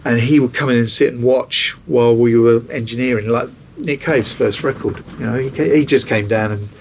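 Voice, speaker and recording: A man's voice: mid-range voice, a little fast, a little hiss or hum. A man, a record producer, casually telling anecdotes in an interview and acting out other people's voices.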